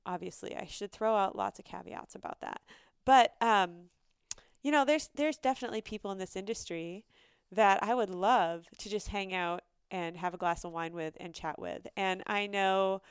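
A woman's voice: medium pitch, smooth, dry recording, studio quality. A woman hosting a podcast, talking casually and animatedly with lots of fillers and restarts. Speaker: podcast host. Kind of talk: casual solo podcast talk.

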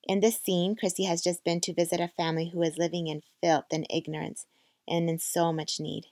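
A woman's voice: fairly low pitch, level tone, brisk, darkish tone, no echo. A woman hosting a podcast, narrating a book and reading passages aloud in a heartfelt way. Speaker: podcast host.

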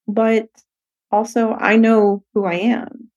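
In a muffled recording, a podcast host speaks at normal speed with a medium-pitched voice. She's doing a casual solo episode, swearing openly, laughing frequently, and animatedly voicing the people she quotes.

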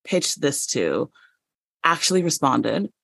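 A woman guest on a podcast, a published writer, telling a story in a lively way and acting out the dialogue with small laughs. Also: sits low, slow, gravelly, husky, dry recording. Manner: animated, acts out dialogue in stories, frequent restarts and light laughs.

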